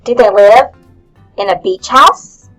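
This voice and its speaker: A woman's voice: mid-range voice, slow, a bit bright, soft background music, low-quality recording. A woman teacher leading young children through questions about a story, in a patient, questioning way. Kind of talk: guided lesson for young children.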